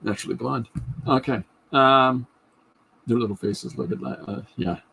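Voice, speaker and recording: A man's voice: medium pitch, moderate pace, gravelly, bright, forceful tone, slight background noise, low-quality recording. A man hosting his own podcast, chatting casually and enthusiastically about his comic ideas in a rambling way with frequent restarts. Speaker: podcast host and comic artist. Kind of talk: casual livestream chat.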